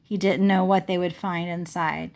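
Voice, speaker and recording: A woman reading a children's novel chapter aloud in an unhurried way, fixing small slips as she goes. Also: on the low side, flat delivery, vocal fry. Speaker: audiobook reader.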